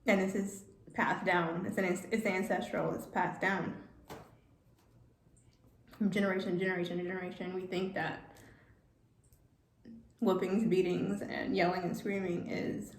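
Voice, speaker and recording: A woman telling a personal story in a vlog, halting and repeating words, getting emotional. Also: fairly low pitch, flat delivery, roomy sound, a little hiss or hum. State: emotional, near tears. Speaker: vlogger.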